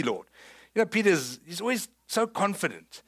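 A man with a South African accent preaching a sermon, retelling scripture in a lively, humorous way and acting out the quotes. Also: high-pitched, brisk. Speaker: pastor.

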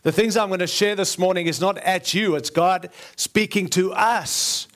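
A middle-aged guest preacher with a mixed Australian and American accent speaks in a fairly high voice. His sermon is earnest, broken by small jokes, and he repeats phrases to drive them home. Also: fairly even intonation, moderate pace, fairly bright tone. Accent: Australian-American mix. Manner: earnest, jokey asides, repeats phrases for emphasis.

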